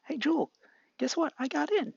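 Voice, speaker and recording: A man's voice: very high voice, expressive, moderate pace, vocal fry, dry recording, voice pushed up, heavily acted. A man voicing an eager, friendly teenage boy who talks upbeat. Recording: dull lo-fi mic.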